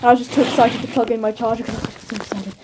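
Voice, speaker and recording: A teenage girl gushing and squealing with excitement as she opens a package of toys. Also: on the high side, racing, background noise. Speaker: toy collector vlogger. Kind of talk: excited unboxing vlog.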